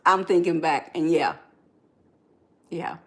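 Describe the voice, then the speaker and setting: A woman's voice: deep voice, takes it slowly, fairly bright tone. A woman hosting a live relationship-advice stream who talks to her viewers, reads their comments aloud, and speaks in a preacher-like way. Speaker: podcast host and life coach.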